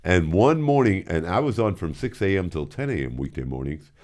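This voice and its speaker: A man's voice: deep voice, big pitch swings, a little fast, a little mellow. An older man and former radio host telling stories casually and animatedly, slipping into voices and sound effects. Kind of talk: casual storytelling.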